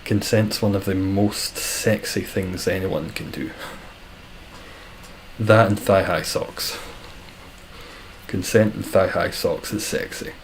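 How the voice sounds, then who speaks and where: A man's voice: sits low, fairly even intonation, slow pace, long pauses, slight background noise, low-quality recording. A Scottish man chatting casually on a live stream, reading out viewer comments with dry, self-deprecating humour. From Scotland.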